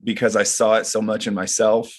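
Earnest man with a lowish voice. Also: little pitch movement, a little fast, husky. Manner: earnest, reflective storytelling. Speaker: men's group leader. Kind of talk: casual chat.

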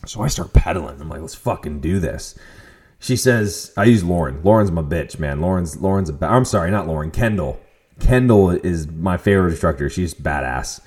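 A young man hosting a podcast, telling a story in a casual, profane monologue with sudden loud outbursts. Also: sits low, lively intonation, brisk. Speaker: podcast host.

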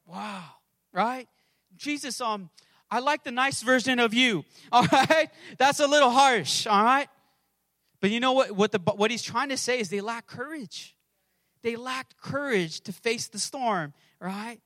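A male pastor preaching with a strikingly high, bright, ringing voice. He calls out to his congregation, swings from loud shouted prayers down to near-whispers, and sounds close and dry on the mic. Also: unhurried, no room sound. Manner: impassioned preaching, shouting prayers and dropping to a hush. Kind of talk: sermon.

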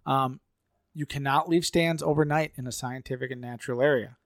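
A man's voice: mid-range voice, fairly even intonation, brisk, no echo, studio quality. A man, co-hosting a podcast and walking through rules point by point. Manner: explains rules point by point, with restarts. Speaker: podcast co-host. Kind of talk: casual explanation of hunting rules.

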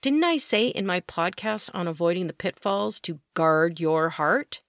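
A woman's voice: on the low side, animated, unhurried, no room sound, clean studio sound. A woman hosting her own podcast, delivering opinionated commentary with indignant, sarcastic asides and emphatic outbursts. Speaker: podcast host.

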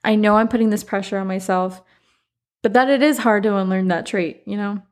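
A woman's voice: medium pitch, fairly quick, darkish tone. Chatty Southern woman podcaster. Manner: chatty, rambling, many "like" fillers and asides. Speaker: podcast host. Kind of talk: casual solo podcast chat.

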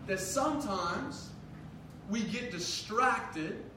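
A young man giving a sermon as a youth pastor, telling a funny school story in an animated way with lots of "like". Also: high voice, very slow, background noise. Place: large hall. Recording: echoey hall, mic at a distance.

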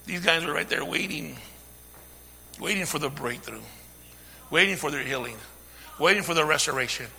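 A man preaching a sermon, using call-and-response, swinging from hushed talk to shouting. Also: on the high side, lively intonation, moderate pace, vocal fry, breathy edge, big-room sound. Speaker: pastor.

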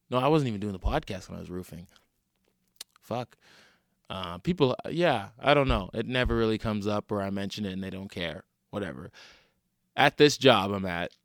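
Clean studio sound with no room noise carries this podcast host's lowish voice. A stand-up comic by trade, he tells wry, profanity-laced stories alone on the mic, animatedly impersonating the people he encountered.

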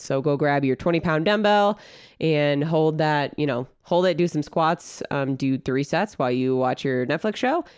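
A woman who co-hosts a casual fitness podcast and works as a trainer gives relaxed coaching advice packed with fillers. Her voice is low, smooth, and clear, slightly nasal from a recent cold, at a normal speed. The recording is dry and close with no echo.

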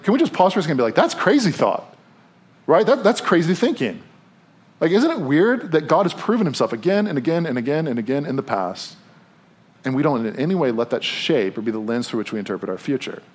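A pastor giving a conversational sermon to a room, acting out quotes in a lively, expressive way. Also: male voice, quick pace. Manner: animated, acts out quotes with big pitch jumps. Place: church room with audience.

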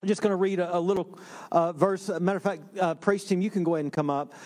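A man, a pastor, preaching a sermon in a relaxed storytelling way with self-deprecating humor. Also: sits high, fast talker. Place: church sanctuary.

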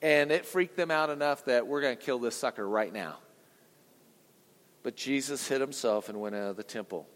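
A pastor preaching a sermon, swinging from hushed passages to booming climaxes and quizzing the congregation. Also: male voice, moderate pace, in a large hall. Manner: asks the congregation questions.

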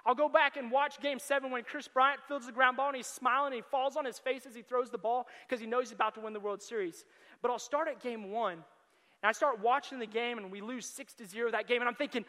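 A young adult man preaching as a youth pastor, telling stories with animation and bursting into loud excited quotes. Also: extremely high pitch, fast. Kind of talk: sermon. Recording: long hall reverb.

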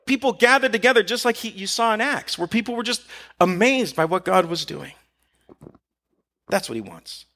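Male preacher, lively and casual, high bright tone, acts out quotes. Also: normal speed. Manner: animated, acts out quotes, rhetorical questions. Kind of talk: conversational sermon.

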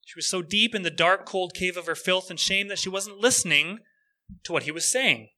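A male preacher telling a story in a sermon, earnest and slowing down for emphasis. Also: high-pitched, pushed and bright.

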